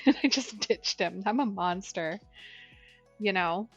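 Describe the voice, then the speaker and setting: A woman's voice: takes it slowly, long pauses, dry recording, dull audio, soft background music. A young woman chatting casually through a cooking livestream, talking to her viewers. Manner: chatty, talks to her dog in a high baby voice. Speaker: streamer.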